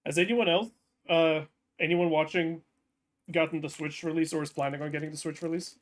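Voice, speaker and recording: A man's voice: on the high side, steady tone, a little fast. A man chatting casually on a live stream, hesitant with frequent ums and restarts.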